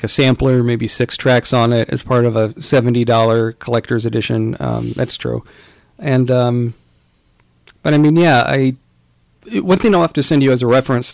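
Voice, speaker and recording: A man with a gravelly, creaky voice talks through a relaxed podcast chat, wandering from point to point with plenty of "um"s and restarts. He sits at a middle pitch, and the sound is close and dry with no room around it. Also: dry recording. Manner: rambling, with many fillers and restarts. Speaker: podcast co-host. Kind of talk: casual chat about retro video games.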